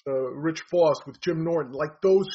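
Husky high-voiced opinionated man. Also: moderate pace, warm tone. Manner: blunt, opinionated, rambling with fillers. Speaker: comedy commentator. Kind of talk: casual opinionated chat. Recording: dull lo-fi audio.

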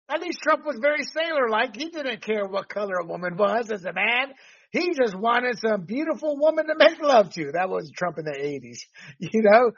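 A man hosting a political commentary podcast, talking in an animated, rambling way with restarts and laughs. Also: sits high, slightly rough. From Latino background. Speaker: podcast host. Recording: dull lo-fi sound.

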